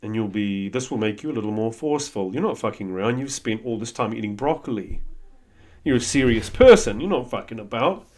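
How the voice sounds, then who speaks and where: A man's voice: medium pitch, lively intonation, brisk, a little mellow. A man giving a blunt, coaching-style talk that is peppered with swearing. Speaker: host. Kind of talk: motivational monologue.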